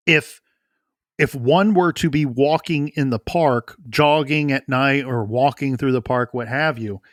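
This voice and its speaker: A man's voice: mid-range voice, unhurried, no echo, clean studio sound. A man co-hosting a true crime podcast, talking through a case in an earnest way and often repeating words as he thinks aloud. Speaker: podcast co-host.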